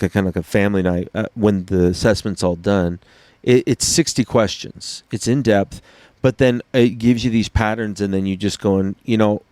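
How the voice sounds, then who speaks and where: A man with a lowish voice talks through his ideas in an earnest, explaining way. It is a relaxed podcast conversation, and the sound is dry and close with no room around it. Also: dry recording. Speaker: podcast co-host. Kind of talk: casual podcast chat.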